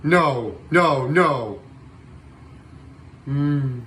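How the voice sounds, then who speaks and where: A man's voice: mid-range voice, expressive, very slow, a little hiss or hum. Whooping man calling a virtual air show. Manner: announcer-style patter with loud whoops. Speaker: livestream host and air show announcer. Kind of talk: playful air show commentary over a flight sim stream.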